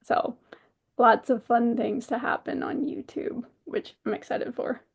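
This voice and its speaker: A woman co-hosting a podcast, chatting casually and telling stories with animated energy. Her voice sits a little high, with a gravelly fry in the lower notes. She laughs often and acts out the quotes in her stories. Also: a little slow. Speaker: podcast co-host. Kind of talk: casual chat.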